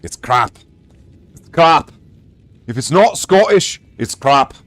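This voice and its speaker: A man's voice: medium pitch, lively intonation, slow, fairly bright tone, no echo. A man from Canada chatting in a rambling, joking way while streaming a game. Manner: rambling, joking, restarts often. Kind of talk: livestream chat while gaming.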